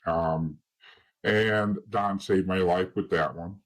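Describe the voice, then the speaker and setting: A man's voice: sits low, steady tone, takes it slowly, poor audio. A middle-aged man with a New Jersey accent telling his story in a blunt, profane, streetwise way, acting out the dialogue as he goes. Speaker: interview guest, former informant. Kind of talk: casual storytelling.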